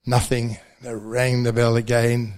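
Older man, New Zealand accent, pastor, unhurried testimony, dry humor. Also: mid-range voice, completely flat delivery, darkish tone. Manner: anecdotal with self-deprecating humor, deliberate. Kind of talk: testimony speech at a banquet.

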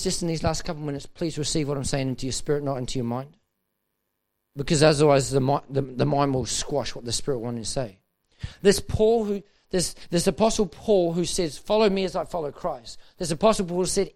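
A man preaching a sermon to leaders at a dinner, impassioned and repeating his key phrases, building to urgent emphasis. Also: high-pitched. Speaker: pastor. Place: dinner event hall.

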